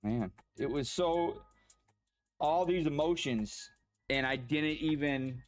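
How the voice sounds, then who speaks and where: A man telling a personal story in a halting, rambling way, pausing as the emotions come back. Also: fairly high pitch, soft background music. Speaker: vlogger.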